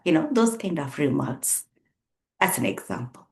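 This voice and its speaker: Speaking reflectively to camera, a woman in her sixties who works as a counsellor and therapist tells a personal story, emphatic and earnest, repeating words to add weight. Her deep, creaky, darkish voice swings widely in pitch at a moderate pace.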